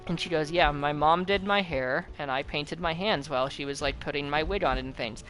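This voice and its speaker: A young man chatting casually while gaming, telling animated stories with a lot of swearing and acted-out quotes. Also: a little high, brisk, rough recording. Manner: animated storyteller, swears often, acts out quotes. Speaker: host. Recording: game music playing loudly behind.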